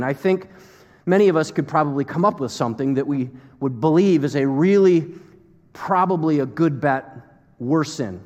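A man's voice: on the high side, normal speed, darkish tone, long reverb tail. An American man preaching a sermon to a congregation, talking conversationally with fillers and acting out quotes. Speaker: pastor.

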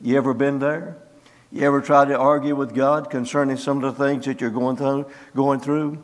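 A man preaching a sermon as pastor, reading scripture slowly and emphatically with many "uh" fillers. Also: mid-range voice, big-room sound.

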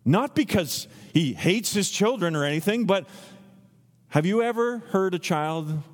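A man in his thirties preaching a sermon as a pastor, teaching earnestly and acting out quotes in lively voices. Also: high voice, a little slow. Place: church sanctuary. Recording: long reverb from a church hall.

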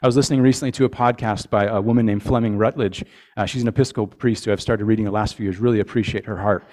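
A man's voice: fairly low pitch, steady tone, quick pace, darkish tone. Guy pastor giving a sermon, earnest, stumbles and repeats words, keeps asking if you're tracking.

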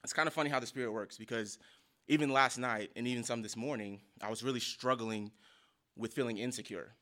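A man sharing a casual personal testimony with a church group, speaking earnestly and haltingly with many fillers and restarts. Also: mid-range voice, steady tone, sharp tone. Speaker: church member sharing a reflection.

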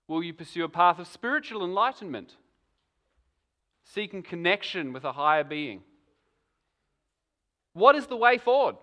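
A man's voice: high-pitched, bright, forceful tone. A man preaching a conversational sermon, asking many rhetorical questions.

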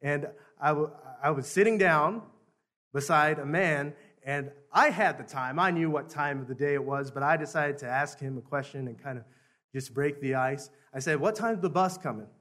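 A man's voice: a little high, normal speed, bright, forceful tone. A Baptist preacher telling a story in a sermon, often chuckling and repeating words as he goes.

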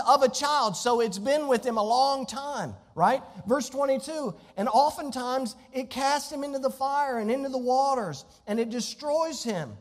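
Man, pastor, preaching sermon, very high voice, long hall reverb. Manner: preaching, calls out to the congregation.

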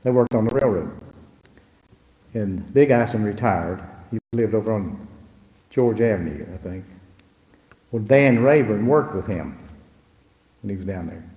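An older man, a pastor telling a testimony story to his congregation in a folksy, unhurried way with chuckles. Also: fairly low pitch, mellow. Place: church hall. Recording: echoey hall with long reverb.

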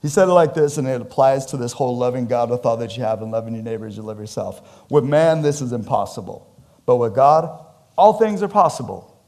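A pastor preaching a sermon in a church, animated and conversational, joking with his congregation, his pitch and loudness swinging widely. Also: a little fast.

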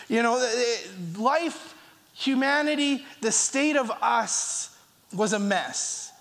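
A man's voice: very high voice, vocal fry, a bit bright. A man preaching a sermon in a church, earnest and reading scripture, with a slight cough. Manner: earnest, with pauses and restarts, reading scripture aloud. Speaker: pastor. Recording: long reverb of a church hall.

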